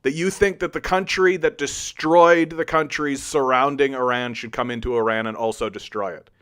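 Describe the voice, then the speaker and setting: Hosting his own political commentary show, a man from Canada spars with chat, sarcastic, profane and combative. His mid-range voice is fairly bright, clear and resonant, with fairly even intonation and a moderate pace.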